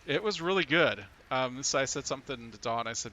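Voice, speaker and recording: A man's voice: mid-range voice, lively intonation, fairly quick, hardly any pauses, pushed and bright, slight background noise. A man co-hosting a live game-stream podcast, telling casual stories with frequent chuckles and fillers. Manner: chatty storyteller, chuckles often, many fillers. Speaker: podcast co-host.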